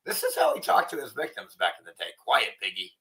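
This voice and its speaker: A man hosting an online commentary show, ranting in a crude, profane way and sometimes shouting. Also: fairly high pitch, wildly swooping pitch, quick pace, creaky, low-quality recording. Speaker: channel host. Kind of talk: casual commentary rant.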